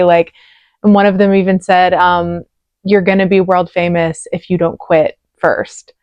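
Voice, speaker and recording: A woman hosting a reaction video speaks at a measured pace in a smooth, low voice with little pitch movement; the audio has no echo and its highs are cut off. Close to the mic, she gushes casually, says "like" constantly, and sounds emotional and choked up.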